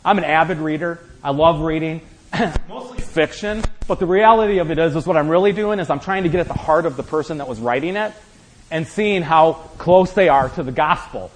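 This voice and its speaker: A man's voice: fairly high pitch, fairly quick, a little hiss or hum, poor audio. A man preaching a sermon as pastor, building up with rhetorical questions and acting out quotes.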